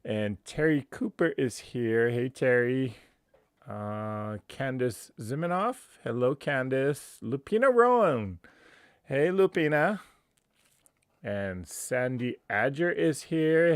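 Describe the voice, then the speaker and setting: A man's voice: medium pitch, lively intonation, slow, smooth, no echo, clean studio sound. A man hosting a casual livestream, chatty and laughing often as he greets viewers by name. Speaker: livestream host.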